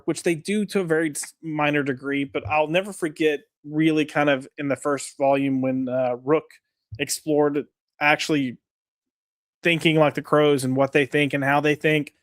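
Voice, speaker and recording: A man's voice: a little high, dry recording, clean studio sound. A man co-hosting a comics podcast, talking in an easygoing, rambling way with many fillers and restarts. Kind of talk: casual chat.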